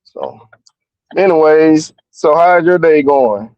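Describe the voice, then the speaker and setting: A man's voice: on the high side, expressive, slow pace, darkish tone, no echo. A man in his forties calling in by phone from his car at work, talking casually and rambling with lots of "you know" fillers. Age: 40s. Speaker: caller. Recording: dull phone audio.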